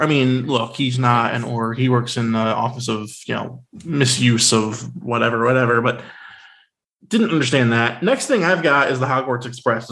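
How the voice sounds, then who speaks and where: A man co-hosting a podcast in casual film talk, sarcastic and animated, with many fillers. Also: mid-range voice. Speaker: podcast co-host.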